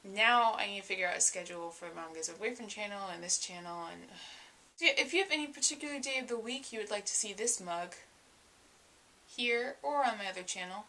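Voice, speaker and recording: Bright, chatty young woman vlogger. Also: medium pitch, a little fast, a little hiss or hum. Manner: chatty, self-mocking, dramatic bursts. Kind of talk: casual vlog chat.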